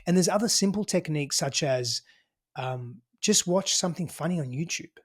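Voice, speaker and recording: A man with an Australian accent, speaking in a slightly higher register than most men. He talks as a podcast guest, casual and emphatic, swearing freely and peppering his points with "you know" and "right?". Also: expressive, moderate pace, breathy edge. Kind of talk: casual conversational advice.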